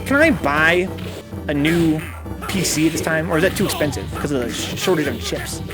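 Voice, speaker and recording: A man's voice: a little high, a little fast. Chatty male streamer over game music. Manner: rambling, chatty, reads chat messages aloud, swears casually. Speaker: streamer and host. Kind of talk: casual live game-stream commentary. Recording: game music playing under the voice.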